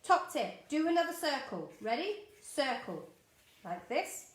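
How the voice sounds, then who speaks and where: Leading a live drawing lesson from her home studio, a middle-aged art teacher chats with and encourages viewers as she works. Her bright, high voice swings widely in pitch, runs a little slow, and echoes around a roomy space.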